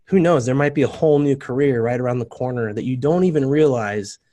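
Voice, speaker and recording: A man speaks as a guest on a video-call interview, his voice at an ordinary middle pitch. He tells his story in an earnest, open way. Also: fast talker, mellow. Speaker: guest, company cofounder. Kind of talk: casual interview chat.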